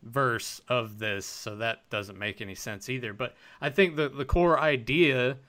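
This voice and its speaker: A man's voice: mid-range voice, measured pace, bright, forceful tone. A man hosting a casual fan podcast, talking animatedly and swearing casually. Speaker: podcast host.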